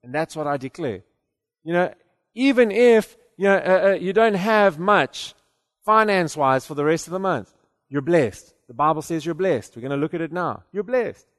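A man's voice: fairly high pitch, animated, moderate pace, big-room sound. A man preaching a sermon in a conversational way, often repeating words and then rising to emphatic declarations.

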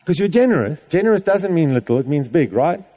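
A man preaches a sermon in a casual, conversational style, often checking in with his congregation and laughing along with them. His voice is on the high side, sing-song, and fast. The audio sounds dull, with echoey hall reverb.

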